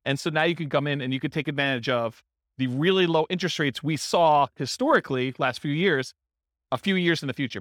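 Fast-talking man teaching real estate investing. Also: a little high, fairly bright tone, no echo, clean studio sound. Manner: fast, conversational, thinks aloud with rhetorical questions. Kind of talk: live class Q&A answer.

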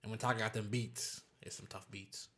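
A man in a casual podcast chat, laid back, weighing his opinions out loud. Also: lowish voice, little pitch movement, normal speed.

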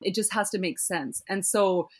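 A woman's voice: mid-range voice, moderate pace, breathy edge. A woman in casual conversation, telling stories with animation and slipping into the voices of people she quotes. She speaks as a tech founder talking with a friend. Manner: animated storytelling, acts out quoted exchanges.

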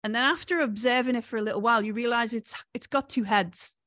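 A woman, narrating a tabletop game as game master, with many pauses and restarts. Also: on the high side, a bit bright, dry recording, clean studio sound. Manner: hesitant, many fillers and restarts.

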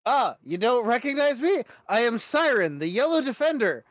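A woman's voice: fairly high pitch, very animated, no room sound. A player doing a pompous young girl superhero. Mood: grandiose. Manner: pompous heroic speech with halting fillers.

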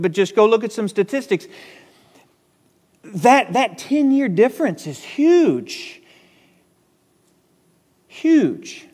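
Animated high-voiced pastor in a reverberant church. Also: male voice. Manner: emphatic, animated, repeats words. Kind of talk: sermon.

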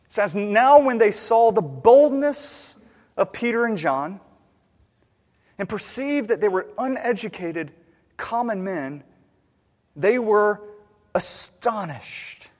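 Emphatic male pastor mid-sermon, higher voice, in a church with a long echo. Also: expressive, slow pace, long pauses. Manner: emphatic, swings between loud urgency and quiet intimacy. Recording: long hall reverb.

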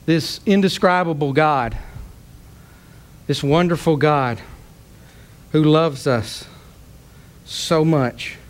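A man preaching with fervor, his voice sitting high and climbing into shouts before falling back to a soft, tearful tone. He delivers a sermon to a congregation, pressing each point with emotion. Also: slow, pauses often. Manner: impassioned, rising to shouts then dropping soft. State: tearful at times.

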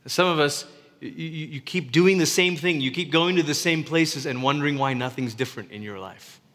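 A man's voice: on the high side, moderate pace, a bit bright. A man preaching a sermon as a pastor, earnest and conversational, often restarting his words. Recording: reverberant hall.

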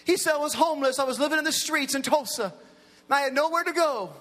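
High bright-voiced preacher guy, animated storytelling sermon, big hall echo. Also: quick pace. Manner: animated, impersonates characters in his stories. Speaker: pastor. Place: large hall with an audience. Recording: long hall reverb.

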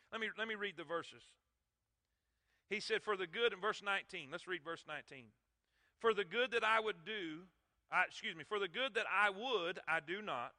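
In a church sanctuary thick with lingering reverb, a man delivers an emphatic sermon and calls out to the congregation. His voice sits high and has a sharp edge.

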